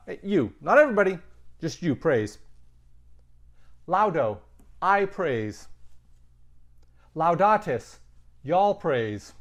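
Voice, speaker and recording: A man teaching a Latin lesson, thinking aloud with casual asides. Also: fairly high pitch. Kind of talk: recorded lesson.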